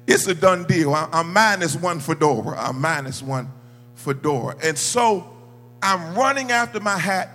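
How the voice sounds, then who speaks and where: A male preacher delivering a sermon, telling a story quietly, then rising into shouted, sung calls. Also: on the high side, expressive, measured pace, long reverb tail, faint music behind. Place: church sanctuary.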